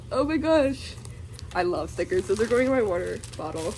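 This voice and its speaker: A woman's voice: medium pitch, expressive, normal speed, a little mellow, a little hiss or hum. A young woman vlogging casually, giggling and gushing with many fillers as she unboxes something.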